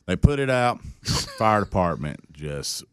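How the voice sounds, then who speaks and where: A young man tells a story in a relaxed interview, slipping into the voices of others and laughing along. His voice sits very low. The sound is close and dry. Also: slow pace, clear, resonant tone, dry recording. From Tennessee. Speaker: country singer guest.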